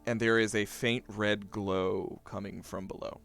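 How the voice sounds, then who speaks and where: A man narrating a tabletop role-playing game as game master, describing scenes in a relaxed way. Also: fairly low pitch, measured pace, vocal fry, faint music behind.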